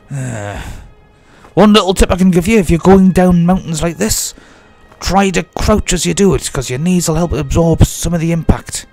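Gravelly man. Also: on the high side, darkish tone. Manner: chatty, jokey, talks to himself while playing. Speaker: let's play host. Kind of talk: casual gameplay commentary.

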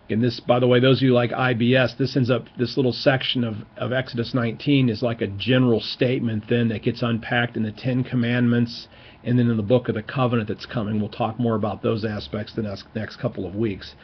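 Man, husky voice, keen Bible teacher, emphatic, muffled lo-fi recording. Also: mid-range voice, normal speed. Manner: enthusiastic, stresses key words. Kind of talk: informal Bible teaching lecture.

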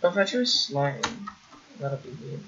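A woman's voice: medium pitch, lively intonation, normal speed, highs cut off, heavy background noise. A woman giving casual let's play commentary, full of exasperated exclamations and self-mocking remarks. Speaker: gamer playing a parkour map.

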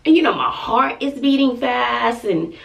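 A woman's voice: a little slow, vocal fry, noisy background. A middle-aged woman telling a personal story to her vlog, casual and slangy, acting out her own reactions. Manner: animated retelling, jumps high to act out her own quotes. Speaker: family vlogger. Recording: voice a bit far from the mic.

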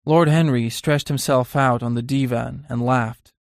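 Dry, measured male audiobook narrator. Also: mid-range voice, fairly even intonation, vocal fry, dry recording. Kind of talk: scripted narration.

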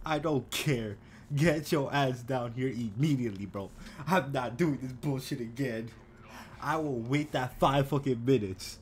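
A young man giving casual, profanity-heavy commentary while playing a video game, swinging from low muttering to sudden loud outbursts. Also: unhurried, husky. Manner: swings from mumbling to yelling, heavy swearing. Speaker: gamer. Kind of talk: live gameplay commentary.

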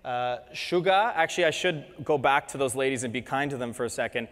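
A man's voice: mid-range voice, fairly quick. Canadian man lecturing in a reverberant hall. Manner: chatty and joking, animated asides. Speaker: dentist giving a presentation. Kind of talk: lecture to dental students.

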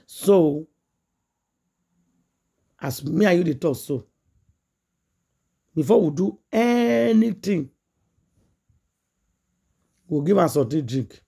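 A woman's voice: deep voice, warm tone, slightly rough. A woman with a Nigerian accent, a gossip vlogger retelling a story in Pidgin English and acting out the quoted dialogue in a chatty, dramatic way.

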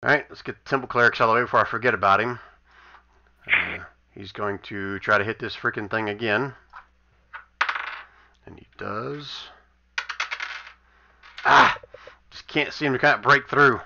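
Man, game master, wry amused narration, gravelly voice, dull lo-fi chat audio. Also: lowish voice, moderate pace, pauses often, bright, forceful tone, slight background noise. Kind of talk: running a tabletop game online.

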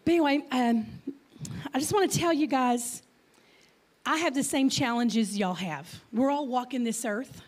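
Lively high-voiced Texan woman. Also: measured pace. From Texas. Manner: lively, chatty, jokes and audience questions, slight stutter. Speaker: guest speaker. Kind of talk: church talk to congregation. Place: church.

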